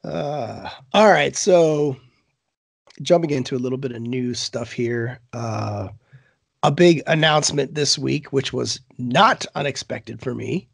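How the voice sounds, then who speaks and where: A man with a cold and a hoarse voice, co-hosting a chat and talking bluntly, with plenty of swearing. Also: medium pitch, measured pace, no echo. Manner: swears a lot, loose and blunt. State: sick, hoarse. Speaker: podcast co-host. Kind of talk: casual chat.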